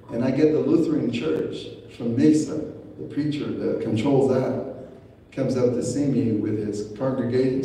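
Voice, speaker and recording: A man with a dark, mellow voice speaks to an audience, telling a personal story in a plain, unhurried way. He acts out the people he quotes, lifting his pitch for them. His voice is picked up from a distance and rings with the long echo of a hall. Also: a little hiss or hum. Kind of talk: storytelling speech. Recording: echoey hall recorded from a distance.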